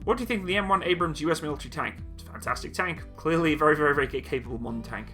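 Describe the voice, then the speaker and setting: A man's voice: a little high, expressive, rapid-fire, bright, forceful tone, faint music behind. A man hosting a live-stream Q&A. He reads viewers' chat questions aloud and answers each in a casual, joking, self-mocking way. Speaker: military video channel host.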